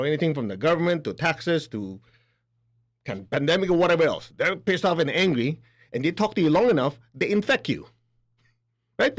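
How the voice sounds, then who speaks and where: A man giving a spiritual lecture, animated and laughing between points, acting out other people's voices as he talks. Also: fairly high pitch. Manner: animated, acts out quoted voices. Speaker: spiritual teacher. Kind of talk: spoken lecture.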